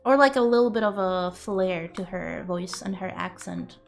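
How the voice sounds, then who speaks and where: A woman's voice: medium pitch, moderate pace, gravelly, soft background music. A woman streamer chatting casually and playfully with her viewers, rambling and joking crudely.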